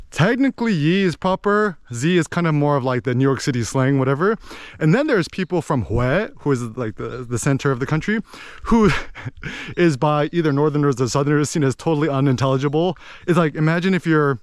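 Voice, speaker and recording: A man's voice: mid-range voice, expressive, moderate pace, clear, resonant tone, dry recording. A man chatting casually and rambling, with many "like"s and "you know"s. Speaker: speaker musing on language and poetry. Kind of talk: casual chat.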